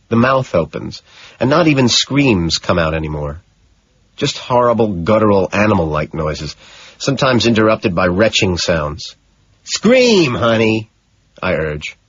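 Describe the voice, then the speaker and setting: A male audiobook narrator with a husky, low-set voice reads in scripted narration. His delivery is slow and matter-of-fact, though his pitch moves a lot. The sound is dull and lo-fi. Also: expressive, dry recording.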